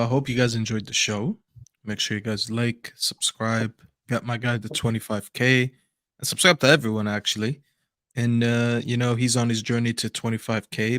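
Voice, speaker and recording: An easygoing man co-hosting a casual football podcast, who thinks his way to an answer out loud. His voice sits a little low and is heard dry and close, with no room sound. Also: no echo. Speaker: co-host, streamer.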